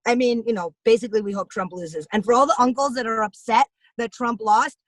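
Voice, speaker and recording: A woman's voice: on the high side, expressive, a little fast, slightly rough, no room sound, poor audio. A young woman on a video call, giving a rambling, jokey comic monologue with big swings of voice. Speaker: comedian guest on video call.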